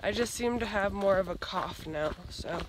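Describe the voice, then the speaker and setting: Out on a hiking trail, a young long-distance hiker talks casually to her vlog camera at normal speed in a medium-pitched voice. She rambles with plenty of fillers, sounding congested with a scratchy throat.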